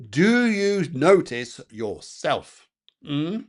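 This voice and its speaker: A man's voice: high-pitched, sing-song, takes it slowly. A man working as a psychic medium, giving rambling, chatty live card readings with lots of fillers and repeated phrases.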